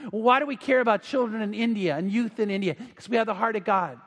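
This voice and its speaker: A middle-aged man delivers a sermon in an earnest, pleading way, pressing harder on his key points. His voice sits high for a man. The sound carries a long, ringing reverb from a large sanctuary. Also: fast. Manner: earnest, swells louder on emphatic points. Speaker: pastor.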